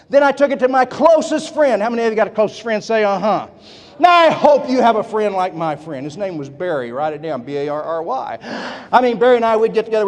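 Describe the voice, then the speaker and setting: A middle-aged man giving an energetic motivational speech, telling folksy stories and drawing call-and-response from the audience. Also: sits high. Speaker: motivational speaker. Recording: long hall reverb.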